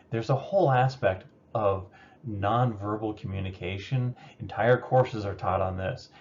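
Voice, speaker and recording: A man teaching a lesson in a relaxed, conversational way, with some fillers. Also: fairly low pitch. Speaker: instructor. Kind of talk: recorded lecture. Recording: dull lo-fi recording with faint noise.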